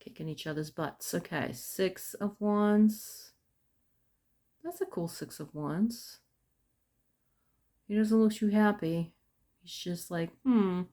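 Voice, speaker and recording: Middle-aged lady flipping thru cards real slow, lowish voice, murmuring names and going ooh pretty. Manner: leisurely, softly admiring, murmurs card names as she flips. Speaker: tarot unboxing vlogger. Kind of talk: casual unboxing chat.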